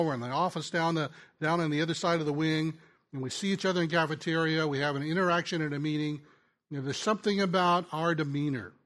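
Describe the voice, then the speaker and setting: Storytelling male preacher, slightly high voice. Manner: conversational storytelling, drops soft and quiet in tender moments; frequent restarts and stammers. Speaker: pastor and ministry teacher. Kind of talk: sermon.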